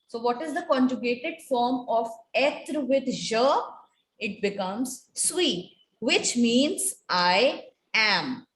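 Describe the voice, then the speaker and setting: A woman teaching a French class, slowly and patiently repeating and quizzing her students. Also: on the high side. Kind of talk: classroom lecture. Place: echoey classroom. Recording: echoey room with faint noise.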